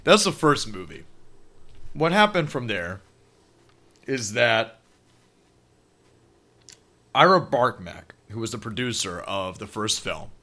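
Bright-voiced man recapping a horror film. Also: on the low side, slow pace, pauses often. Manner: animated storytelling with swearing and laughs. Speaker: podcast co-host.

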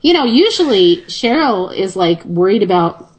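A woman's voice: medium pitch, very animated, normal speed, darkish tone, slight background noise, rough recording. A woman with a General American accent, co-hosting a show in playful, joking casual chat and laughing often. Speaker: podcast co-host.

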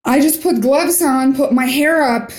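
A woman's voice: high-pitched, unhurried, a little mellow. A young woman from Norway, a podcast guest, telling a story with animation and acting out the quoted voices. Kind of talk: storytelling interview. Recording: roomy echo.

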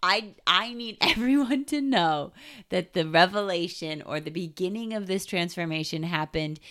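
A woman's voice: on the low side, normal speed, fairly bright tone. A woman co-hosting a podcast in casual chat, teasing her co-host and laughing often.

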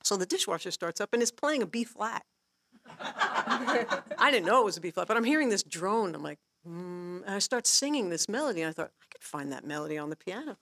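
A woman guest teaching songwriting in a casual workshop talk, animated and laughing often, acting out her own inner thoughts as she tells stories. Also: medium pitch, brisk, very noisy. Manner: laughs often while explaining.

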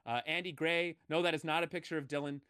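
Bright-voiced, laughing man. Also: fairly high pitch, steady tone, fast, clean tone, no room sound, studio quality. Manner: laughing, rambling, playful sound effects. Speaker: podcast host. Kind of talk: casual chat.

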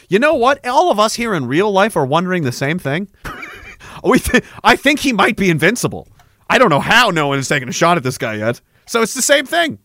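A man riffing casually in a comic bit, animated and giggling often. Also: high-pitched, no room sound, clean studio sound. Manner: animated, giggling, quick to jump into voices.

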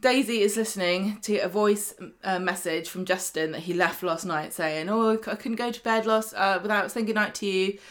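Woman podcast co-host, mid pitch, chatty and animated soap recap. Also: normal speed, few pauses. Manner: chatty, animated retelling with quoted voices. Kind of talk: casual chat recapping a soap.

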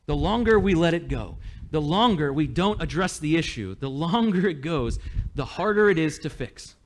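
A man preaching a sermon as pastor, in a conversational, animated way. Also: fairly high pitch, normal speed, slight background noise. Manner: conversational, animated, with small laughs.

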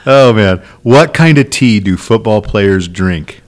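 A man's voice: on the low side, lively intonation, slow pace. A man co-hosting a casual workplace podcast, telling dad jokes and chatting about his week. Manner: tells dad jokes, laughs at them. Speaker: podcast co-host.

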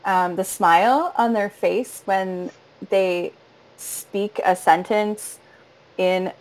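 A woman's voice: medium pitch, steady tone, slow, poor audio. Woman, voice teacher, audiobook narrator, earnest, laughs easily, casual interview. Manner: warm, earnest, laughs often, demonstrates voice registers.

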